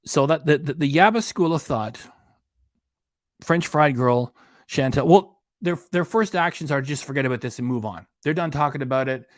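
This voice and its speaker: A man's voice: fairly high pitch, moderate pace, dry recording, clean studio sound. A man hosting a reaction channel, ranting in an indignant, emphatic way and hammering home his points. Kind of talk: casual commentary rant.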